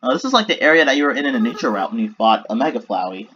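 A man's voice: medium pitch, lively intonation, very fast, hardly any pauses, a bit bright, highs cut off, a little hiss or hum. A young man giving casual let's play commentary, reacting to the game with joking asides. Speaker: gameplay commentator.

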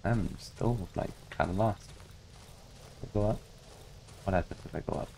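A man from Denmark giving goofy, casual commentary on a game he is playing, talking to the characters and jumping into high squeals. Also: measured pace, vocal fry, mellow, a little hiss or hum. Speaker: gaming streamer.

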